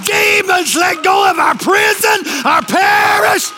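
A man's voice: extremely high pitch, takes it slowly, gravelly, shouting, a crowd in the background, noisy background. A man preaching a charismatic sermon as pastor, hollering short repeated commands and calling on the congregation to respond.

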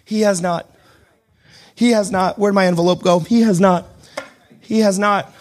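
A young adult man preaching a sermon, switching between shouted declarations and quiet, joking asides. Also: high voice, fairly even intonation, a little slow. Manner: self-deprecating humor. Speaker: pastor.

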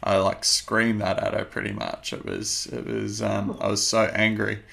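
A man in his thirties, a guest telling his personal testimony in an earnest, measured way with many fillers. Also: fairly low pitch, flat delivery, vocal fry, a bit bright.

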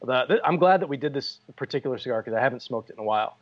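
A man's voice: medium pitch, expressive, rapid-fire, highs cut off. A man co-hosting a podcast in casual chat, joking and telling stories. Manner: jokey, storytelling, laughs often. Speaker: podcast co-host.

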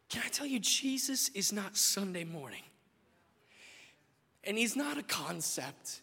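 A young man preaching a sermon, impassioned, swinging between loud declarations and hushed asides, in a large church. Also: sits high, very animated, a little slow, vocal fry, long pauses, breathy edge. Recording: long hall reverb.

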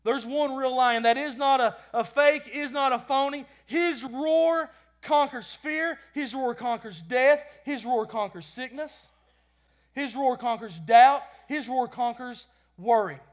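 A man preaching a sermon with passion, swinging between loud bursts and quiet lines, often repeating words as he goes. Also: very high-pitched, a little slow. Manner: impassioned, rising and falling in loudness; repeats words when stumbling.

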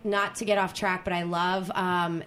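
A woman on a podcast telling a long, animated story in casual chat, rambling with fillers and restarts. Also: fairly low pitch, unhurried.

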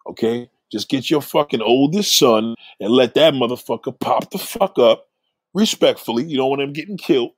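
A man's voice: mid-range voice, expressive, normal speed, husky, dry recording. A man talking straight into the camera, blunt and profane, rambling as he gives advice. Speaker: vlogger giving advice. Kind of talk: casual monologue.

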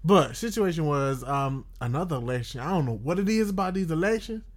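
A man co-hosting a casual podcast chat, relaxed and slangy. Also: fairly high pitch, brisk.

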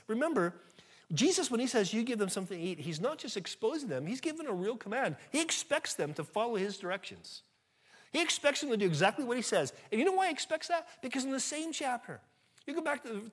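Male preacher with a high-pitched voice, earnest and conversational, getting loud at times. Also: very animated, fast. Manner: earnest, conversational preaching with sudden rises in volume. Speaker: pastor. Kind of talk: sermon.

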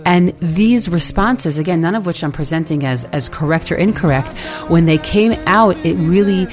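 A woman hosting a podcast, speaking in an earnest, reflective way, often pausing with "uh.". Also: on the low side, expressive, darkish tone, soft background music. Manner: earnest, hesitant with frequent "uh"s. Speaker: podcast host. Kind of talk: reflective talk.

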